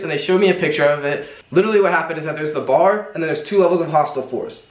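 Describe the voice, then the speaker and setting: A young man telling a travel story to camera in an animated storytime vlog. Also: a little high, fast. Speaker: travel vlogger. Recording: roomy echo.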